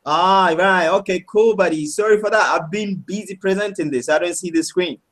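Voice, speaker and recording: A man presenting a sales pitch on a webinar, upbeat and persuasive, often asking "right?" and calling the audience "guys". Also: moderate pace, fairly bright tone.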